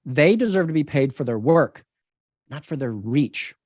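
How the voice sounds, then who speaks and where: A man's voice: on the high side, expressive, unhurried, darkish tone, no echo. Ceo guy in an interview, punchy and persuasive, hammers points home, dry close mic. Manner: emphatic, persuasive, repeats key points. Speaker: company CEO, interview guest. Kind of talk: business interview answers.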